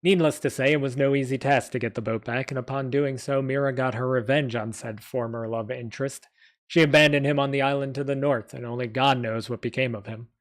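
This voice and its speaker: Pirate crewmate spinning a yarn about his captain , a guy just reading it plain, mid pitch, small slips. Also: fairly even intonation, brisk, natural voice. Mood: storytelling. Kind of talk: reading a fantasy story aloud.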